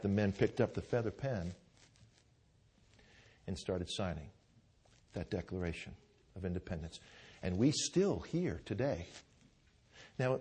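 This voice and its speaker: A man's voice: lowish voice, darkish tone, breathy edge. A man preaching a sermon in a church, fervent and conversational, often asking the congregation "Amen?" and restarting his words as he tells a story. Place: church with pews.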